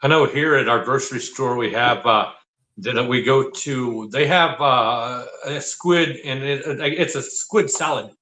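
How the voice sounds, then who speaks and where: A man's voice: mid-range voice, measured pace, pushed and bright. Man's voice in an echoey room. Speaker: guest. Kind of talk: casual chat on a live stream.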